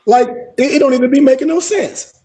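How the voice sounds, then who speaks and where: Mellow-voiced man teaching an esoteric class. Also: very high-pitched. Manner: emphatic, repetitive preaching cadence; slows down to spell out lists.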